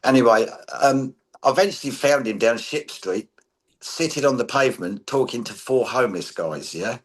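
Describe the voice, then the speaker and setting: A man's voice: medium pitch, expressive, normal speed, slightly rough. A man reminiscing in casual chat, a blunt storyteller who swears casually. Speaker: guest, friend of the late medium.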